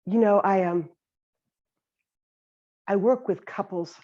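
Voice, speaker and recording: Slow, gentle woman giving a meditation talk. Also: mid-range voice. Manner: gentle, unhurried, reflective. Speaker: meditation teacher. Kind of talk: reflective dharma talk. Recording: slightly dull lo-fi sound.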